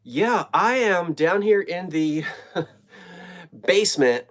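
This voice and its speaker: Slow, chatty middle-aged live-stream host. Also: medium pitch, animated. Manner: chatty, greets viewers by name, trails off mid-sentence. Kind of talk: casual live-stream chat with viewers. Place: home basement.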